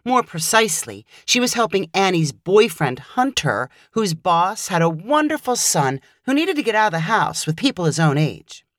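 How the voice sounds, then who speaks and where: A woman reads a scripted short story with wry, expressive storytelling. Her voice sits on the low side yet moves through a wide, lively pitch range. The sound is close and dry, with no room around it. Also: moderate pace, few pauses, dry recording. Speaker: narrator.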